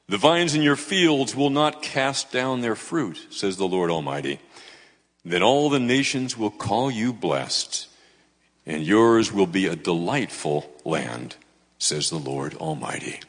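A man, a pastor, reading scripture aloud and closing in prayer, with a measured, expressive delivery. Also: on the low side, big-room sound.

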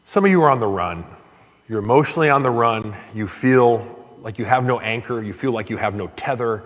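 Male pastor, mid-pitched voice, preaching with earnest build-ups, long hall reverb. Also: brisk. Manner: earnest, surges louder and higher on key points. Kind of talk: sermon.

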